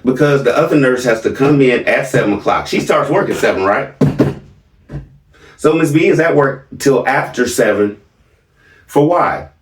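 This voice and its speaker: A man's voice: mid-range voice, lively intonation, normal speed, pauses often, recorded from a distance, slight background noise. A middle-aged man casually telling a family story to his viewers, emphatic and often asking "right?". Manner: emphatic, keeps checking in with "right?". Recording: roomy, from off the mic.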